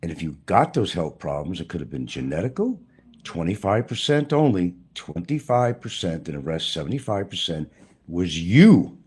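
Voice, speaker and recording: A man's voice: low voice, very animated, moderate pace, a little mellow, slightly rough. A man delivering a blunt, profane, preachy rant as a YouTuber. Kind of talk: ranting monologue to camera.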